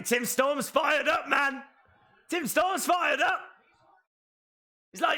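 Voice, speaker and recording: A man hosting a live wrestling watch-along, calling the action and breaking into excited shouts. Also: very high voice, takes it slowly, long pauses. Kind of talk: live wrestling reaction commentary.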